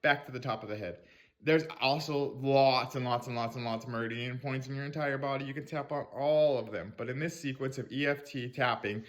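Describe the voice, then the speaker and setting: A man's voice: mid-range voice, a little fast. Rambling man coaching tapping, swearing freely. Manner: loose, rambling, swears casually; acts out angry self-talk in a raised voice. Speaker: spiritual mindset coach. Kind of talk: teaching tapping technique.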